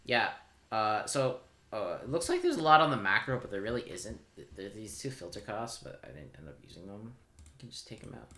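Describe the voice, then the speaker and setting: A man with a fairly low voice talks through a music project in a casual tutorial, loose and self-deprecating as he points out each part. Loud electronic music plays under his voice the whole time, with keyboard typing now and then. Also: very animated, brisk. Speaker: music producer explaining his track. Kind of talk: casual screen-recorded tutorial. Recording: music playing loudly under the voice. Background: his own track playing, keyboard typing.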